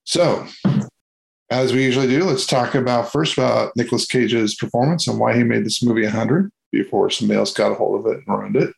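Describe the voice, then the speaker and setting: A man's voice: medium pitch, fairly even intonation, fairly quick, creaky, poor audio. A man hosting a casual movie review chat, rambling and hesitant with many fillers and restarts.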